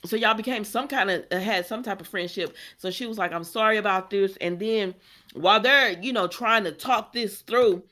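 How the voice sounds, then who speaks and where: A woman hosting a casual, animated recap chat, talking easily and laughing often. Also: medium pitch, moderate pace. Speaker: soap opera recap host.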